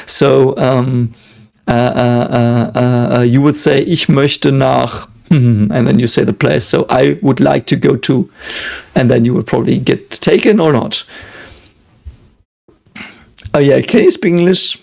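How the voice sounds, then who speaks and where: A man's voice: medium pitch, a little slow, gravelly, pauses often, darkish tone. A German man hosting a casual reaction video, talking in English with a German accent, hesitant and full of fillers and restarts, chuckling often.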